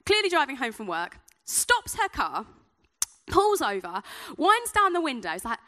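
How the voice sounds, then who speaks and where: A woman's voice: high voice, huge pitch swings, moderate pace, pushed and bright. A woman preaching a sermon in a chatty, self-deprecating way, telling personal stories.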